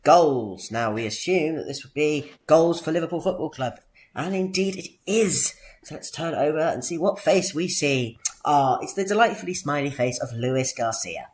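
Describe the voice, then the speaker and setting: Male podcast host, mock game-show presenter, theatrical drawn-out reveals with high-pitched jingles. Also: expressive. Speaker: podcast host running a quiz.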